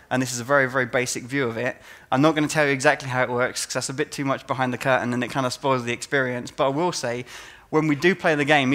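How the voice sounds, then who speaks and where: Man, conference speaker, lively storytelling, acts out reactions, mid pitch. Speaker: conference speaker, game designer. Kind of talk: conference talk.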